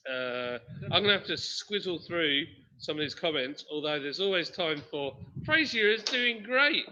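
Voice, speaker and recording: Jokey brewery host on a live stream, bright and lively, dull lo-fi sound. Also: male voice, a little high, moderate pace, slight background noise. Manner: jokey, animated, reads comments aloud. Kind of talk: casual live-stream chat.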